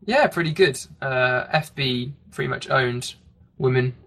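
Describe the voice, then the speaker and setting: A man commentating a live online game match, talking quickly with lots of fillers. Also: mid-range voice, over a noisy crowd. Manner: rapid play-by-play with frequent fillers. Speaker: esports commentator.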